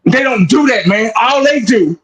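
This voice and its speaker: A man's voice: extremely high pitch, animated, moderate pace, fairly bright tone, poor audio. A man hosting a casual sports talk show, emphatic and profane, tagging his points with 'man'.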